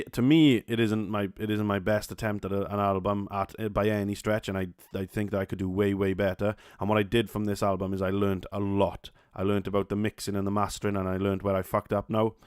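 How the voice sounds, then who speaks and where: Halting Welsh man, low dry voice. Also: smooth, no room sound. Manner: halting, many restarts and fillers, casual swearing. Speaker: podcast host. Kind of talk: solo podcast chat.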